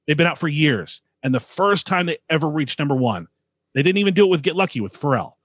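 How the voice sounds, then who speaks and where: A man's voice: a little high, animated, fast talker, no room sound, studio quality. A man co-hosting a podcast in casual chat, teasing his co-host and rambling with lots of fillers.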